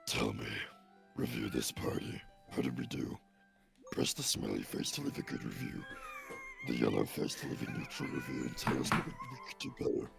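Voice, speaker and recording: A man voicing a little boy king in an absurdly deep, menacing growl, speaking in deadpan ominous declarations over a game cutscene. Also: moderate pace, music in the background, exaggerated voice. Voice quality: extremely deep gravelly growl.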